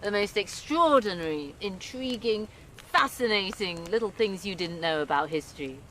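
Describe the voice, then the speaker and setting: A woman's voice: medium pitch, moderate pace, a little hiss or hum. A woman historian and curator presenting and narrating a documentary with keen enthusiasm. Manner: enthusiastic, expressive.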